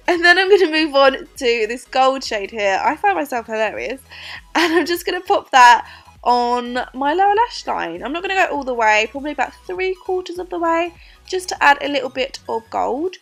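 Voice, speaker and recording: Chatty girl, high bright voice, giggly makeup vlog voice-over, faint music underneath. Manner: chatty, giggly, self-mocking. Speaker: beauty vlogger. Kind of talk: casual makeup tutorial voice-over.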